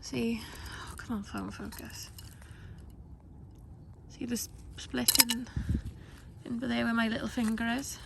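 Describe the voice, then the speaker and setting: A woman's voice: a little high, fairly even intonation, slow pace, pauses often. Chatty woman on a dog walk. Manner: chatty, rambling with many fillers, talks to her dogs in between. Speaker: dog owner vlogger. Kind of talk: casual chat while walking dogs. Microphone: handheld phone camera. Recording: phone video outdoors with clear background noise.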